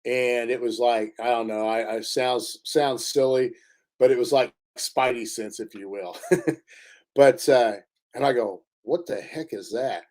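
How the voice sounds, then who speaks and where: Halting, mellow-voiced man telling a story. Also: medium pitch. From Indiana. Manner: halting, many fillers and restarts. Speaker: interview guest. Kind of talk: casual storytelling.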